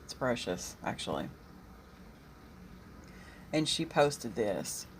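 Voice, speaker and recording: A woman YouTube commentator reading posts and a news item aloud, with soft asides in between. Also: rumbling low, very animated, slow pace, a little hiss or hum.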